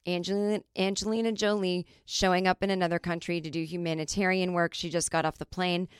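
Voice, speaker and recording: A middle-aged woman hosting a podcast, telling stories in a chatty, animated way with lots of fillers. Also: on the low side, fast, clear, resonant tone, no echo, clean studio sound. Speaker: podcast host. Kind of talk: casual comedic monologue.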